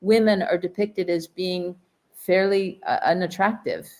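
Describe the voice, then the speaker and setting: A woman's voice: on the low side, fairly even intonation, a little slow, a little mellow. A woman co-hosting a podcast in casual conversation, enthusiastic and prone to speculative tangents. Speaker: podcast co-host.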